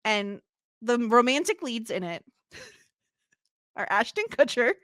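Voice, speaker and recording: A woman's voice: on the high side, takes it slowly, dry recording, studio quality. A woman in her thirties co-hosting a podcast in casual, jokey chat. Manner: animated, jokey, bursts into laughs. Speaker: podcast co-host.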